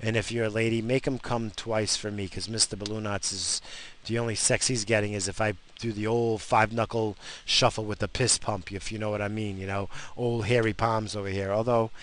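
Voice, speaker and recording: A man's voice: fairly low pitch, flat delivery, a little fast, fairly bright tone, slight background noise. A tired man hosting his own podcast, rambling in a profane, mock-grumpy rant from home. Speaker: podcast host. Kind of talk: casual solo podcast rant.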